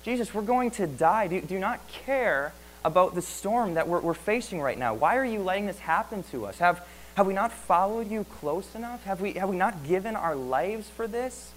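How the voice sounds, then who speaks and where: Terrified disciples in a storm cry out in desperate, stammering pleas, as a preacher acts them out. The voice is pitched higher than his usual talk, with broken repeated questions. A faint hum sits under the recording. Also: animated, rough recording. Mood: desperate, pleading. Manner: pleading, rapid stammering questions. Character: frightened disciples, grown men, desperate in a storm.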